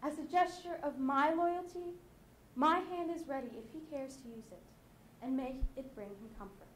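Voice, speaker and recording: A young woman performs Katherine from Shakespeare in a high, bright voice, slow and declamatory as she lectures wives. Her recitation rings out in an echoey hall. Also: slight background noise, close to an everyday voice.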